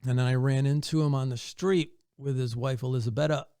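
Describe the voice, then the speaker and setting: A man's voice: medium pitch, brisk, smooth, no echo. A man guest on a podcast, telling studio and tour stories casually, acting out what others said. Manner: animated storyteller, acts out quoted dialogue. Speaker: touring drummer, guest. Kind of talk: casual interview storytelling.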